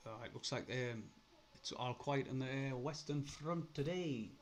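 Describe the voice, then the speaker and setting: A young man with a Sunderland accent, hosting a casual live stream, chatty, laughing often, swearing and getting excitable. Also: mid-range voice, moderate pace, a little hiss or hum. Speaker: livestream host.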